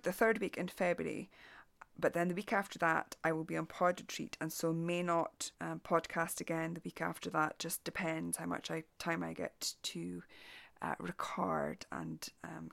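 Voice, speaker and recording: Woman, mild Shetland Scottish accent, knitting podcast host, chatty, rambling, lowish pitch. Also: vocal fry, a bit bright, no room sound. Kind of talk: casual solo podcast.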